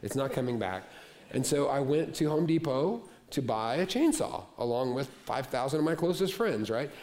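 A male pastor preaching a sermon to a congregation, talking conversationally, repeating phrases for emphasis and telling stories with animated humor. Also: mid-range voice, normal speed, a little hiss or hum.

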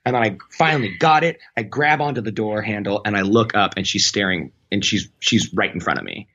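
A man with a low voice tells a long personal story in a relaxed, conversational way. He trips over his words and restarts his sentences often. The recording sounds dull and muffled. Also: brisk, hardly any pauses. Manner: rambling, self-correcting, animated when quoting. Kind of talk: casual anecdote.

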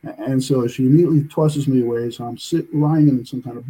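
Rambling older man, husky and mellow. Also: mid-range voice, steady tone, fast talker, poor audio. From United States. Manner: rambling, tags many sentences with "okay?". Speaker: author, interview guest. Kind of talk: casual storytelling in an interview.

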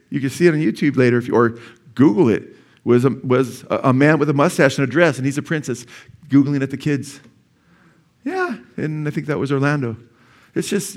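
A middle-aged male pastor preaching a sermon in a church, talking conversationally and asking the congregation questions. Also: fairly high pitch.

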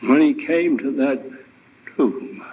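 A man's voice: mid-range voice, slow pace, slight background noise. A man preaching a sermon as guest speaker, retelling scripture with emphatic rhetorical questions. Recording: tinny, phone-like lo-fi recording.

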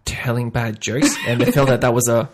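A man hosting a podcast in casual chat, playful, acting out little scenes and swinging between quiet and loud. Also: medium pitch, moderate pace. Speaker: podcast host.

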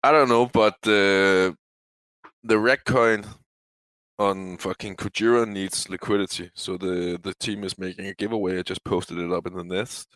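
A man's voice: sits low, steady tone, moderate pace, a bit bright, dry recording, poor audio. A man in a casual online chat, blunt and teasing in his banter.

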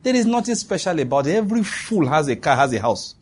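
A man's voice: fairly high pitch, big pitch swings, fast, breathy edge. A man preaching a sermon in emphatic, repeated declarations to a congregation. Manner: emphatic, repetitive declarations with bursts of laughter. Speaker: pastor. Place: church with a congregation answering.

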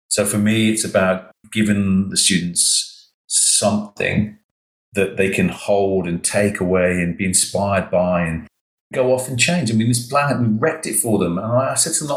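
A man, an education consultant telling stories in a podcast interview, animated and acting out the dialogue. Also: on the low side, normal speed, roomy sound, poor audio. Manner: animated, emotional storytelling, acts out quoted dialogue.

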